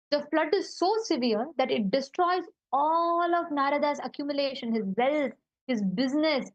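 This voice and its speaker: A woman narrating a spiritual tale in a high, quick-changing voice. The sound is dull and lo-fi but dry and close. She speaks in an animated way and sprinkles in fillers. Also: no room sound. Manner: animated, with fillers like "uh" and "you know". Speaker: devotee giving a spiritual talk. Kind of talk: storytelling spiritual talk.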